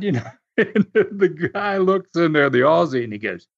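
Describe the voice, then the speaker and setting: A man telling road stories in a casual, animated way, laughing often and restarting his sentences. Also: a little high, moderate pace, gravelly, dull audio. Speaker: podcast host telling wrestling stories. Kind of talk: casual storytelling.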